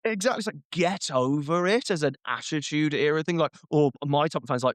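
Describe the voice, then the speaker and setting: A man's voice: fairly high pitch, brisk, hardly any pauses, no echo. A man hosting a casual wrestling chat, ranting and joking as he acts out short quoted voices. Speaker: podcast host.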